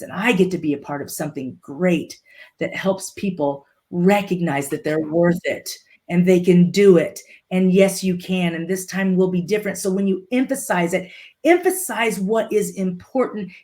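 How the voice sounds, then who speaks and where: A woman's voice: lowish voice, normal speed, darkish tone. A woman from Litchfield, Illinois, a podcast guest telling a motivational story and repeating her key phrases for emphasis.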